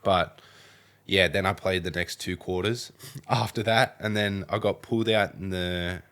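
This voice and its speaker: Young aussie guy, real low voice, rambly storytelling, lots of "like" and "I'm like". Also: steady tone, measured pace, a bit bright, smooth. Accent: Australian. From Australia. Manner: rambling, filler-heavy retelling with acted-out quotes. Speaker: podcast guest, athlete. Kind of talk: casual storytelling interview.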